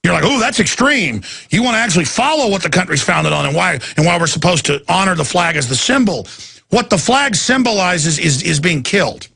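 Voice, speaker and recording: Middle-aged guy hosting talk radio, raspy gravelly voice, ranting and yelling. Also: sits high, lively intonation, a little fast. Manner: ranting, emphatic, sometimes shouting. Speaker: radio talk show host. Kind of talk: impassioned talk radio monologue.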